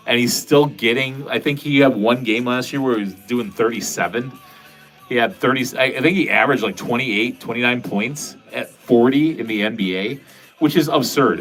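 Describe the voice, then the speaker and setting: A man's voice: medium pitch, fairly bright tone. Guy rambling on his livestream from the basement, cursing and joking at himself, faint music in the back. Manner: rambling, profane, self-deprecating. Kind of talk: casual livestream chat, reading out comments. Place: home basement.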